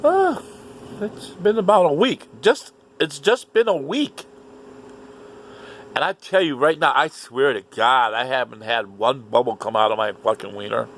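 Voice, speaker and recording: A man telling a story in an animated, indignant rant, swearing often. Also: medium pitch, a little slow, a little hiss or hum. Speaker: vlogger. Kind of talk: casual ranting monologue.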